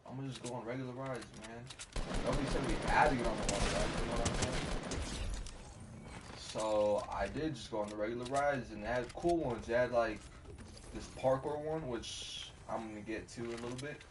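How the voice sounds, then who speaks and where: A man's voice: medium pitch, moderate pace. A man streaming a game while telling a rambling, slangy, profane story in casual chat. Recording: distant mic with faint noise.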